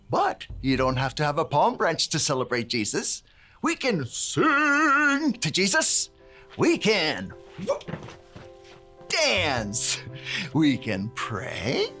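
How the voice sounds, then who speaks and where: A man's voice: high voice, huge pitch swings, slow pace, bright, forceful tone, slightly rough, faint music behind, full character voice. A man playing a cheerful handyman who leads children in call-and-response cheering and drops Spanish words. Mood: cheery. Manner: bouncy, call-and-response with kids, bursts of cheering. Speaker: children's ministry presenter.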